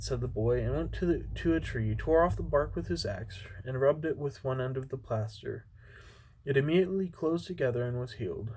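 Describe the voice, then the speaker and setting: A man's voice: mid-range voice, brisk, darkish tone, rough recording. A man reading a fairy tale, stumbling. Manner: unpolished, with stumbles and restarts. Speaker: amateur reader.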